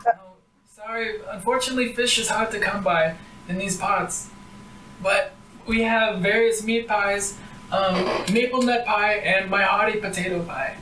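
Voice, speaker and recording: A man's voice: high voice, fairly even intonation, moderate pace, pushed and bright, slight background noise, pitched above the performer's own voice. A man voicing a cheery old village granny who sells pies, talking in a gushing, overly sweet raised voice. He is heard roomy and from some distance. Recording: roomy, far from the mic.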